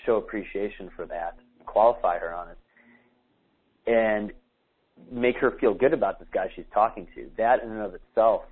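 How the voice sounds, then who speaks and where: A man's voice: fairly low pitch, breathy edge, phone-quality sound. A man giving dating advice in a podcast conversation, talking casually and acting out sample dialogues. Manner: acts out sample dialogues, casual with many likes. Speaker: dating coach.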